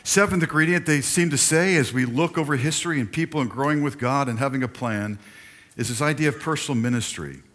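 In the church sanctuary, an older male pastor gives a sermon, chatting casually and turning to address the congregation directly. He talks a little fast in a mid-range, slightly bright voice.

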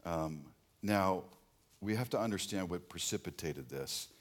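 Middle-aged male pastor, lowish voice, sermon with big loud swells and quiet asides. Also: a little slow. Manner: animated, swings between loud emphasis and hushed asides.

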